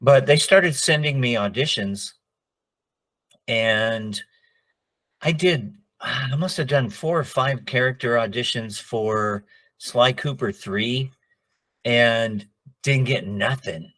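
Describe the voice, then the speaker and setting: A man's voice: medium pitch, takes it slowly. A middle-aged man, a voice actor, telling stories in a casual interview and acting out the people he quotes. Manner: animated, acts out quoted dialogue. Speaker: voice actor guest.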